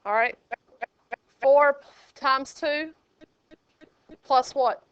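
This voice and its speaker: A woman's voice: high voice, drawn-out words. A woman math teacher, teaching a classroom and joking with her students. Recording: dull lo-fi classroom recording.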